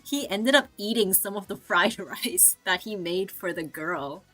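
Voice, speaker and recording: A woman's voice: medium pitch, animated, slow, fairly bright tone, faint music behind. A woman streamer telling a story in casual chat, swearing freely, filling her speech with "like," and mimicking the people she quotes. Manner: chatty, swears freely, fills with "like". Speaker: VTuber streamer.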